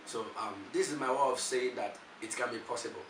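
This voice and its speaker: A Nigerian-accented male preacher tells his story with lively, animated energy, stumbling and repeating words as he goes. His voice sits at an ordinary middle pitch and is picked up from a distance in a reverberant room, with a faint hiss of background noise underneath. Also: brisk. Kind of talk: motivational testimony. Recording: echoey room, voice from far off.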